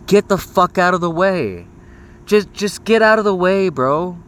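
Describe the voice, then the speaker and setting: Slow-drawling young man ranting. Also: sits high, lively intonation, fairly bright tone. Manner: profane, rambling and scolding; stammers and restarts when heated. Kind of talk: ranting voice message.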